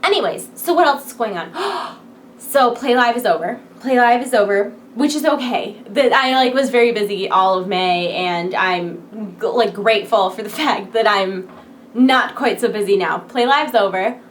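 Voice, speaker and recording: A woman vlogger chats casually to her viewers late at night, wired on coffee, peppy and rambling with giggles. Her voice is medium-pitched and moderately paced, with slight background noise.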